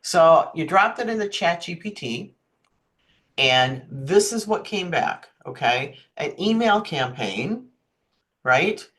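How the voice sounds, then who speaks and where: A woman's voice: on the low side, animated, slow, a bit bright. A woman giving an online marketing workshop on a video call, chatty and often checking in with her listeners. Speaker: marketing presenter.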